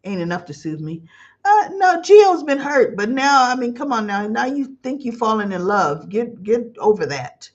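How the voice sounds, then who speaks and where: Her fairly high voice has lively intonation, though the audio is lo-fi. As host of a live soap opera comment show, she talks casually and emotionally, reads out viewers' comments, and lets her exclamations stretch long.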